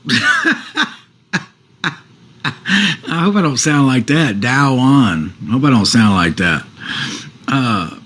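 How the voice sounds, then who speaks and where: A man's voice: mid-range voice, very animated, takes it slowly, pauses often, a bit bright, poor audio. A man on a casual livestream, reading out viewer comments and answering them defensively, with some swearing.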